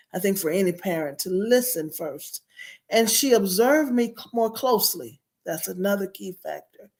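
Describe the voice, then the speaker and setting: A woman's voice: medium pitch, a little mellow. A middle-aged woman guest telling her childhood story in an earnest, reflective way. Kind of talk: personal storytelling.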